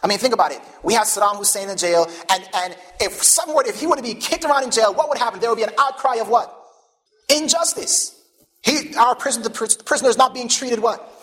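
A man preaching a sermon, pausing often to ask the congregation questions and leading them toward each answer. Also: extremely high pitch. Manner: call-and-response questions to the congregation; animated, emphatic preaching.

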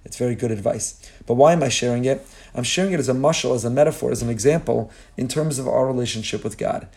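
A man delivering a heartfelt sermon-style Torah lesson. His voice is mellow and warm, and it sits at an everyday middle pitch. He stacks phrase after phrase in rhetorical lists and slips in Hebrew phrases. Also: fast talker. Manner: impassioned, repetitive rhetorical lists. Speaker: Torah teacher.

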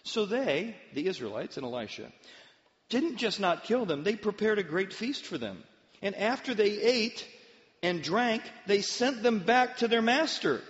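A man's voice: high-pitched, very animated, measured pace, a bit bright. Male pastor, dramatic storytelling sermon, dull reverberant hall recording.

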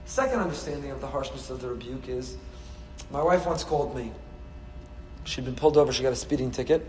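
A man, a rabbi, delivering a sermon full of rhetorical questions and repetition, with sharp swings between loud and soft. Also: mid-range voice, fast talker, roomy sound, slight background noise, poor audio. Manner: storytelling, acts out quoted voices.

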